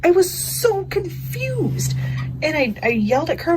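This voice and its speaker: An extremely high voice with big pitch swings, a little slow, belongs to a young craft vlogger chatting with viewers. The rough recording has slight background noise, and she drifts between stories, laughing and saying "you know" a lot.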